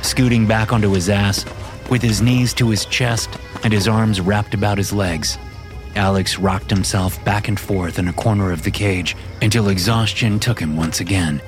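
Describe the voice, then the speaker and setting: A low-voiced man narrating a scripted horror story at a steady, measured pace. His delivery is even and controlled, and background music plays under the narration throughout. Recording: music playing behind.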